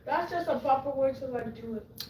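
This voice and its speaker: A woman with a high voice chimes in with short, quiet remarks. She sits well away from the microphone in an echoey room, with a faint noise floor behind her. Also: moderate pace, distant mic. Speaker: companion chiming in. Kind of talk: casual chat.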